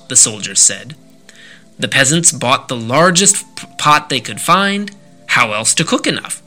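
A man reading a folk tale aloud to children in an animated, sing-song storytelling manner. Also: medium pitch, moderate pace, faint music behind.

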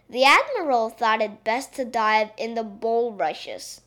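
A woman reading a children's story aloud, gentle and expressive. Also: fairly high pitch, unhurried, hardly any pauses.

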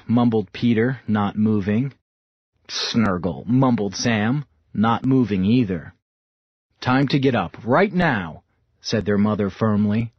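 Slow, husky male storybook narrator. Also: on the low side, dry recording, muffled recording.

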